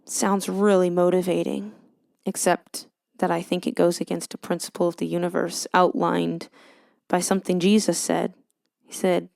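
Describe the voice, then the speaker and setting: A woman's voice: lowish voice, level tone, moderate pace, gravelly, a little mellow, no room sound, studio quality. A young woman hosting a casual solo podcast, chatty and self-mocking, drifting into a joking drawl when she prays aloud. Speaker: podcast host.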